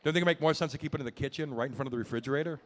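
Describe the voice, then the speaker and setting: A man's voice: on the high side, racing. A man doing a stand-up comedy set on a club stage, brash and self-mocking, swearing through his punchlines.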